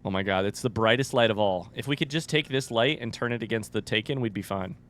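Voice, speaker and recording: Speaking fast in a lowish, slightly bright voice, a young male streamer casually comments on a live game in let's-play style. He chats with his viewers, reads their messages out loud, and lets a swear word slip occasionally.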